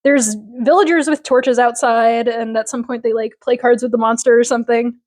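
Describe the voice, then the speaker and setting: A woman's voice: a little high, steady tone, normal speed, darkish tone. A woman co-hosting a podcast, casually recapping a TV episode in an opinionated, rambling way full of fillers. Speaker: podcast co-host.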